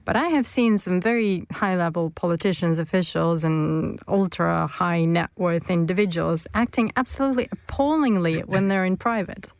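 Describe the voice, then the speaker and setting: A woman's voice: fairly low pitch, moderate pace, hardly any pauses, no room sound. Chatty, giggly woman panelist. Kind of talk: casual panel chat. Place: studio.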